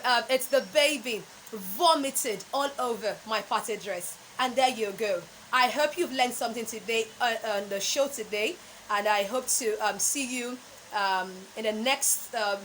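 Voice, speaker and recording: A woman with a Nigerian English accent, a speech training coach teaching pronunciation and repeating words slowly for emphasis. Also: a little high, a bit bright, slight background noise, low-quality recording. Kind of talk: pronunciation lesson.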